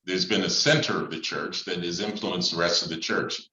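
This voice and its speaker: A man with a very low, bright-edged voice talks slowly and deliberately, stopping often to find his words. The room echoes around him, and the sound is a little dull. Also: fairly even intonation. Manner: thoughtful and measured, with frequent pauses and fillers. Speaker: priest. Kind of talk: reflective talk on church and society.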